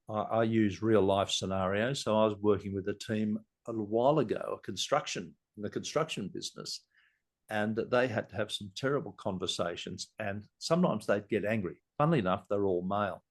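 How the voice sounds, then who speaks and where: Lively man telling stories. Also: lowish voice, moderate pace. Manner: animated storyteller, laughs often, acts out scenes. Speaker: communication trainer, podcast guest. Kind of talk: casual interview talk.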